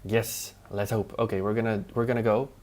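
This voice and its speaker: A man's voice: on the low side, brisk. A man on a casual live stream, thinking aloud as he works and answering viewers' questions between tasks. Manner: muttering to himself, answering chat between tasks. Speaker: live streamer testing design software. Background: relaxed music playlist.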